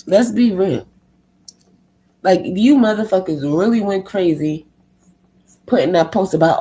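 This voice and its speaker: A woman speaking rants on a live stream. Her talk is blunt, heated and full of profanity, at a medium pitch that sits in the middle for a woman. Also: lively intonation, a little slow, pauses often, a little mellow.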